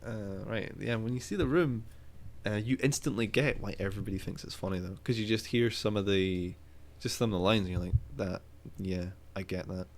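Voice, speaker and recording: Low-voiced man ranting on a podcast. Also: fairly quick, few pauses. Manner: opinionated, swears freely, ranting. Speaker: podcast co-host. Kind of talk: casual podcast chat.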